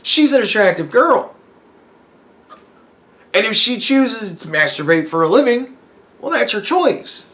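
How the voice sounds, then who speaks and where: A man's voice: high voice, big pitch swings, unhurried, long pauses, a bit bright. A man talking casually on his own podcast, rambling and swearing, with frequent stammering restarts and acted-out imagined dialogue. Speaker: podcast host. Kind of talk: casual solo commentary.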